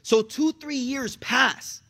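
A young man giving a casual, animated sermon to young people, telling stories in slang and acting out the people in them. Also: extremely high pitch, slow. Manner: animated, slangy, storytelling with quoted voices. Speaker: religious teacher.

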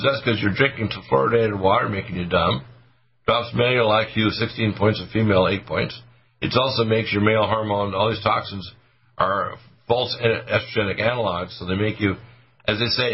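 A man's voice: on the low side, fairly quick, long pauses. A man in his seventies hosting a talk radio show, rambling and joking. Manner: rambling, joking, hoarse-edged. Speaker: radio host, doctor. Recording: muffled radio audio, faint music.

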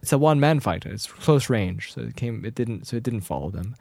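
Excitable man retelling a film scene. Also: medium pitch, creaky. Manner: excited, retells scenes with quick impressions and sound effects. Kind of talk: casual movie discussion.

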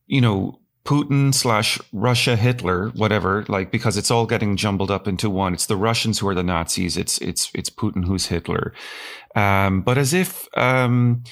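Gravelly low-voiced man, halting and animated. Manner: animated, halting, many restarts. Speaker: podcast host, professor. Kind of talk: conversational interview.

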